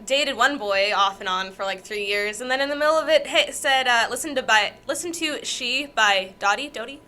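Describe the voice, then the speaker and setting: A young woman with a bright, high-set voice shares personal stories on a podcast. She rambles, laughs at herself often and keeps it casual. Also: normal speed. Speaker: podcast co-host. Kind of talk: casual storytelling chat.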